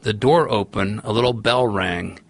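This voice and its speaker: A middle-aged man, a podcast guest, telling a long story in a rambling, animated way and acting out the voices he quotes. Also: fairly low pitch, moderate pace, vocal fry, dry recording. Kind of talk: storytelling in a long-form interview.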